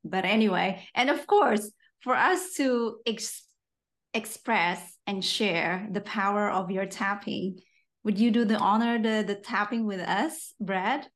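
A woman hosting an interview, responding warmly, encouraging her guest and laughing along. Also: mid-range voice, takes it slowly. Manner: warm, encouraging backchannel and laughter. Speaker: host. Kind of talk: casual interview chat.

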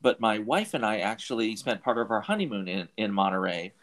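This podcast host, a middle-aged man from Southern California, speaks briskly in a fairly low, fairly bright voice with lively intonation. He conducts a conversational interview, rambling and restarting often amid fillers.

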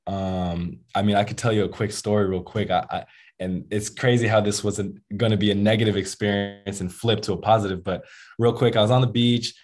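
A young American man, a musician, telling stories in a casual interview with laid-back slang and animated retelling. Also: fairly low pitch, a little fast. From United States. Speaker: musician and rapper.

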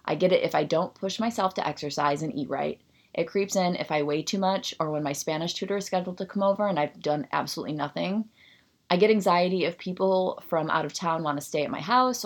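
A woman in her thirties hosting a solo podcast, ranting sarcastically and animatedly, then reading a passage aloud. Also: deep voice. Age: 30s. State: out of breath. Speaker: podcast host.

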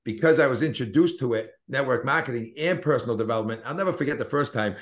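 A man's voice: mid-range voice, quick pace. A man in his fifties with a Boston accent, a guest telling his story in a casual interview in an earnest, motivational way, often restarting his sentences. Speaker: network marketing guest.

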